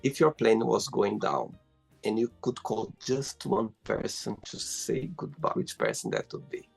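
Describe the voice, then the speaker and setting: A man's voice: on the low side, huge pitch swings, measured pace, gravelly, a little mellow, slightly rough, soft background music. A man hosting a casual interview, asking questions playfully and teasing his guest. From London, England. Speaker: host.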